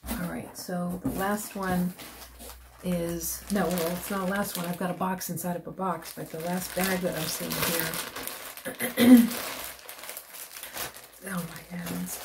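A woman vlogger chatting casually as she unboxes gifts on camera, gushing and often dropping into breathy whispers of delight, rambling with restarts. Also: fairly low pitch, fairly even intonation, measured pace, noisy background. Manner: rambling with many restarts and fillers. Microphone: camera mic.

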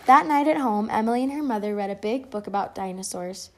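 A woman reading a children's picture book aloud in a lively, expressive way. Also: medium pitch, fast talker, few pauses, a little hiss or hum. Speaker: storybook reader.

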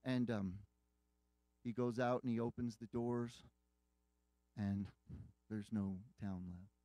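A man's voice: on the low side, steady tone, takes it slowly, warm tone, no echo. A man preaching a sermon, earnestly retelling a dramatic story with quoted dialogue.

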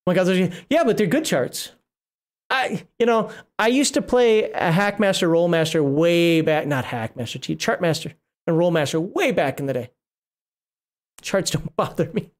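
A middle-aged man hosting a casual livestream, reading rules aloud and rambling, often breaking off mid-word. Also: high-pitched. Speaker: livestream host reviewing a tabletop RPG book.

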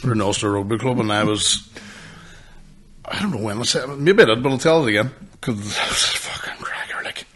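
A man's voice: mid-range voice, a little fast, fairly bright tone, breathy edge. A young man, co-hosting a podcast with sweary, laughing banter and stories. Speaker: podcast co-host. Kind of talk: casual storytelling chat.

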